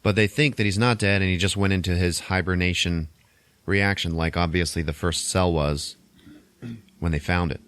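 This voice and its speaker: Low-voiced dude retelling a movie plot, swears a lot, does goofy quick voices, dry close mic. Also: male voice, steady tone, a bit bright, clean tone, no echo. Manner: loose storytelling with swearing and quick mock voices. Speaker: podcast host recapping a film. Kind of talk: casual chat.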